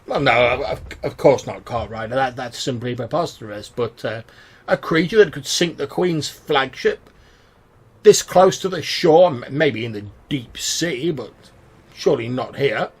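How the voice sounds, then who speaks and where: A man's voice: medium pitch, normal speed, breathy edge. A man voicing a pompous ship captain who blusters indignantly.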